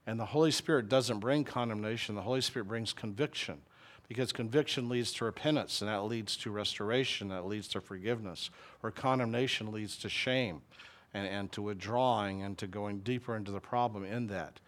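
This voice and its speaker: A man's voice: fairly low pitch, a little fast, a bit bright. A middle-aged man with a Southern US accent, a pastor preaching a conversational, folksy sermon and asking the congregation questions.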